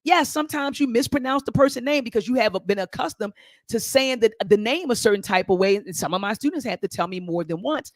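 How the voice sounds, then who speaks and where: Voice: medium pitch, animated, a little fast, no echo. An educator hosting casual commentary, talking in a rambling way, backtracking and speaking straight to viewers. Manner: conversational, rambling, loses the thread and backtracks; addresses viewers and commenters directly.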